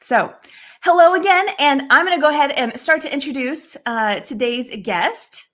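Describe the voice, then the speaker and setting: A woman hosting a podcast in a fairly high voice. She sounds upbeat when she introduces guests and slows into a soothing tone for reflective passages. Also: a bit bright. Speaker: podcast host.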